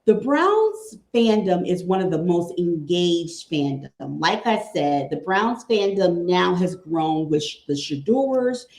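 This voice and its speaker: A woman's voice: lowish voice, very animated, slow pace, few pauses, a little mellow, echoey room. A woman from Cleveland, a guest chatting casually about football, repeating her points with a fan's enthusiasm. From Cleveland, Ohio. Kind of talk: casual sports chat.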